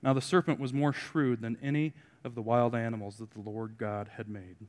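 A man preaching to his congregation, throwing in wry jokes between points. His voice swings from loud emphatic lines to quiet asides, sitting at an ordinary middle pitch. The sound carries a long reverb from the hall. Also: steady tone, normal speed. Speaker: pastor. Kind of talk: sermon.

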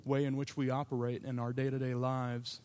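Male pastor preaching, chatty storytelling sermon, middle-pitched voice, throws in little asides. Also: monotone, moderate pace, a little mellow.

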